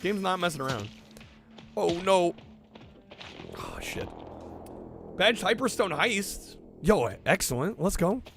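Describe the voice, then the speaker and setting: A man's voice: high-pitched, wildly swooping pitch, slow, vocal fry, pauses often, a bit bright. Chatty man streaming over music. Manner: laid-back, chatty, thanks viewers. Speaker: streamer host. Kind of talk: casual livestream chat. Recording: music playing under voice. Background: background music.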